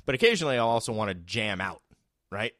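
A man's voice: fairly low pitch, very animated, fast talker, a bit bright, dry recording, studio quality. A man hosting a trivia podcast in casual, joking banter, laughing often. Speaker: podcast host.

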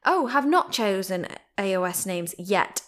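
A woman's voice: mid-range voice, animated, unhurried, a bit bright. A woman with a British accent hosting a podcast, reading listener emails aloud with bubbly, giggly asides. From Britain. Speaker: podcast host. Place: at home.

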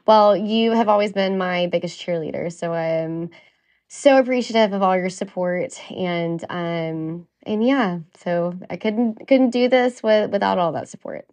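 Interview guest, woman, mid-pitched, measured and sincere. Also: darkish tone. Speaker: guest advocate. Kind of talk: casual interview chat.

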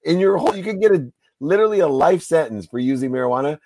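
A man in his fifties hosting a casual interview, animated and joking, swearing freely. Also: fairly high pitch, fast, no room sound. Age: 50s. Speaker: podcast host.

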